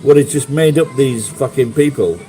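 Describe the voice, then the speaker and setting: A man's voice: medium pitch, moderate pace, mellow, faint music behind, poor audio. A middle-aged man with a Sheffield accent, rambling through sweary stories and chatting with viewers on a livestream. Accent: Sheffield English. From England. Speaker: livestream host. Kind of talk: casual live chat.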